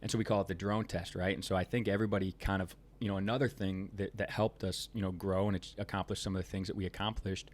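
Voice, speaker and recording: A man talks quickly in a casual podcast conversation, packing his sentences with fillers. His voice sits on the low side, and he is emphatic and rambling as he presses his points. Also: flat delivery. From Ohio, United States. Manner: rambling, heavy on "you know" fillers, emphatic. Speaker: podcast guest, business owner.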